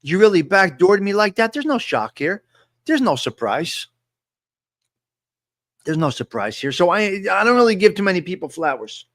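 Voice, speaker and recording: A man's voice: sits high, big pitch swings, moderate pace, no echo, poor audio. A man hosting a casual live-stream show, boastful and joking, often repeating himself.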